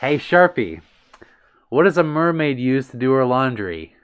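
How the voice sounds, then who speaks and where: A man's voice: mid-range voice, very animated, measured pace, clear, resonant tone. A man hosting a casual livestream, reading out viewer comments with a playful, giggly manner and brushing off compliments bashfully. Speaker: livestream host.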